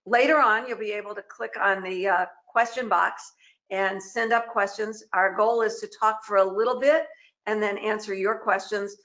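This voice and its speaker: A woman's voice: mid-range voice, steady tone, normal speed, fairly bright tone, low-quality recording. A woman moderating a webinar panel over a video call, chatty and emphatic, firing off pointed questions.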